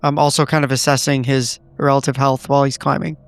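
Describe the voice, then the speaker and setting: A man playing a tabletop game, describing his character's actions deliberately. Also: medium pitch, level tone, clear, resonant tone, faint music behind. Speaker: player. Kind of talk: casual tabletop play.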